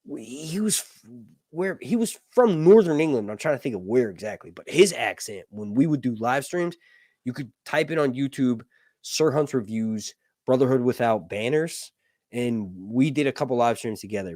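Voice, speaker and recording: A man hosting a live stream in a loose, rambling way, thinking aloud and poking fun at himself. His voice sits at a middling pitch, and the recording is dry and close, with no room sound. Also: animated, normal speed, darkish tone, no room sound. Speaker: channel host. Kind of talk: casual live-stream chat.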